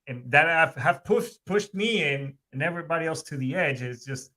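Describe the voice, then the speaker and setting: A man's voice: fairly high pitch, animated, moderate pace, pushed and bright. A man in casual podcast chat, rambling with frequent restarts and blunt profanity.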